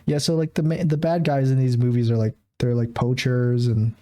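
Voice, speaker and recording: A man's voice: mid-range voice, level tone, normal speed, dark tone. A man co-hosting a casual movie review podcast, telling the story in a rambling way with lots of fillers. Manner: rambling, filler-heavy storytelling with frequent laughs. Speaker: podcast co-host.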